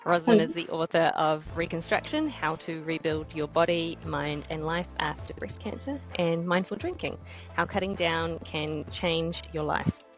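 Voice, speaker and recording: A woman with a New Zealand accent co-hosting a podcast in casual chat, bubbly and quick to laugh. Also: sits low, faint music behind, rough recording. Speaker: podcast co-host and life coach.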